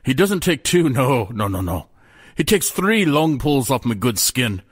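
A man narrates a first-person Renaissance-faire tale, slipping into faux-old dialect with aye and me. His voice is husky and lowish, with a lively, swinging pitch. The recording is dry and close. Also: measured pace, dry recording. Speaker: storyteller.

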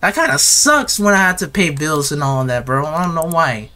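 A man's voice: on the high side, expressive, normal speed, pushed and bright. A man giving casual, rambling gameplay commentary, chatting in slang to his viewers and to the customers in the game.

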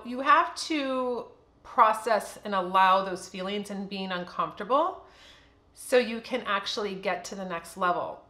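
A woman's voice: medium pitch, sharp tone, reverberant. A woman in her fifties talking candidly and casually to camera as a beauty vlogger, chatty and full of fillers.

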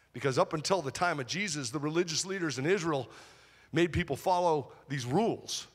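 Animated man preaching in a reverberant church. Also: a little high. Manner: animated preaching with call-and-response. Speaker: pastor. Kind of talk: sermon. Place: church auditorium. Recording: long hall reverb.

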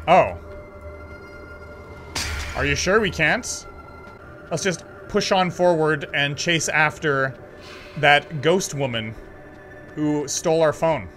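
A man commenting on a horror game as he plays, excitable and joking, talking back to the screen. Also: high-pitched, slow, long pauses, soft background music. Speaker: gaming channel host. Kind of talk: let's play commentary.

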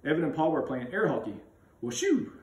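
Animated male storybook reader. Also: on the high side, a little fast, a little hiss or hum. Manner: expressive, animated narration. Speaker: school read-aloud reader. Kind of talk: storybook read-aloud. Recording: roomy sound, mic at a distance.

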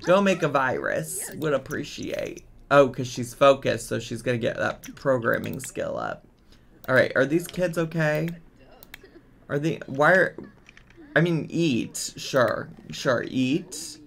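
Slow gravelly man, exasperated gamer. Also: medium pitch, big pitch swings, a bit bright, slight background noise. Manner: exasperated, bossing game characters around. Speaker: gaming streamer. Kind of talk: casual let's-play commentary.

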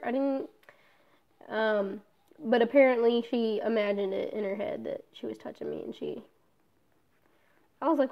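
A woman's voice: on the high side, fairly even intonation, normal speed, lo-fi sound. A young woman in a casual personal vlog, talking candidly, swearing often and trailing off with fillers. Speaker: vlogger.

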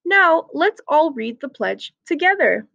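A kind, encouraging schoolteacher explains things to her class in a clear, warm-hearted classroom tone, voiced by a woman reading a picture book aloud. The voice is high. The recording is dry and a little dull. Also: big pitch swings, unhurried, no echo, exaggerated voice.

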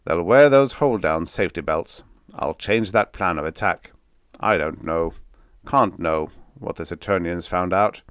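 A man voicing a massive, impatient army general who barks sharp commands. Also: low voice, a little slow, smooth, dry recording, clean studio sound. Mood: brusque. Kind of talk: audiobook character reading.

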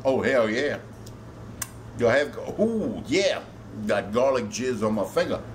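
A man's voice: medium pitch, sing-song, measured pace, slight background noise. A man with a Louisiana Cajun accent hosting a home cooking video, folksy and joking, swearing freely as he works. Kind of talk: casual cooking demonstration.

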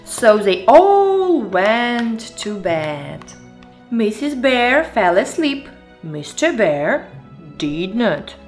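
A woman with a Russian accent, a channel host reading a children's picture book aloud with expressive storytelling. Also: medium pitch. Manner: slow, expressive storytelling with sound effects.

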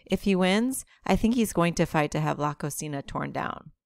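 A woman's voice: low voice, expressive, moderate pace, gravelly, darkish tone, dry recording. A woman reading aloud and voicing an anxious, earnest teenage boy. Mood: worried. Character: worried earnest teen boy narrator.

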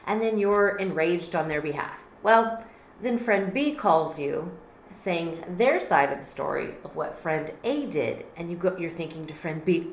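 Lower-pitched woman teacher in echoey room. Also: lively intonation, measured pace. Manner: conversational, acts out quoted friends. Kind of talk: explaining a class assignment.

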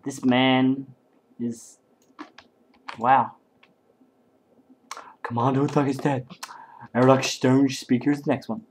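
A man casting a game live, excitable and rambling, swearing constantly. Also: medium pitch, slow pace, pauses often, slight background noise, poor audio. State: hyped up and sleep-deprived. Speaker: game caster.

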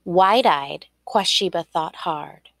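A woman reading a children's folk tale aloud in an expressive storytelling voice. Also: lowish voice, slow, vocal fry, dry recording, clean studio sound. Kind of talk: storybook read-aloud narration.

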